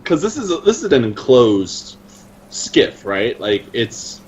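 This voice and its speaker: A man's voice: medium pitch, very animated, slow, a little mellow, dull audio, a little hiss or hum. A man playing a tabletop game, speaking earnestly and formally in character. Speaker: player.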